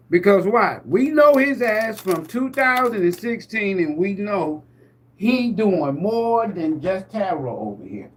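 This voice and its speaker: A man hosting a live tarot stream, ranting like a preacher with lots of swearing. He laughs often, asks his viewers questions, and swings between loud bursts and muttered asides. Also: high voice. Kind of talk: profane preacher-style rant.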